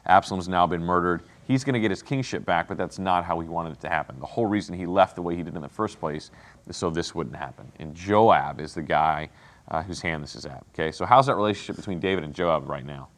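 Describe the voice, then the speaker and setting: Casual low-voiced man teaching a Bible class. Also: fast talker. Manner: conversational, checks in with "okay?" and "right?".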